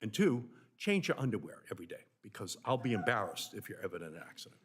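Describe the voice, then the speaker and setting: An older man from Massachusetts with a Boston accent, a senator making impassioned committee remarks in a hearing room, swinging from loud emphatic bursts to near-whispers. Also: on the low side, sing-song, quick pace.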